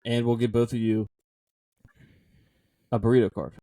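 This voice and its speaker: A man's voice: mid-range voice, level tone, normal speed, warm tone, no room sound. Laughing young man telling a story. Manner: self-deprecating storyteller, laughs often. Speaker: podcast co-host. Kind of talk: casual podcast chat.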